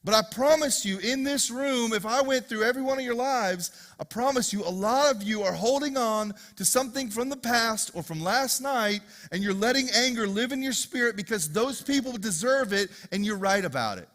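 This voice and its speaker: A man preaching a sermon as pastor to a congregation, swinging from loud, driving passages to hushed, repeated questions. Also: very high-pitched, animated, moderate pace, few pauses. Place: church hall with congregation.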